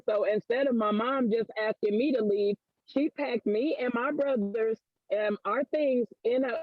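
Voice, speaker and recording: A man with an unusually high voice gives an earnest testimony on a group call, slipping into quoted family dialogue as he goes. The audio is dull and muffled, and it sounds close and dry. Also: no room sound. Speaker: call participant.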